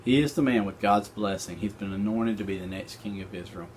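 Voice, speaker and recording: A man teaching a recorded Bible study lesson, retelling scripture in an animated, conversational way with casual slang. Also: on the low side, fairly quick, a little hiss or hum.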